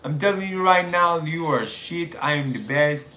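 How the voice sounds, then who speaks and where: A man voicing a boastful male wrestling champion, in a deliberately mangled foreign accent. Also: on the high side, pushed and bright. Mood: gloating. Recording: roomy room with faint noise.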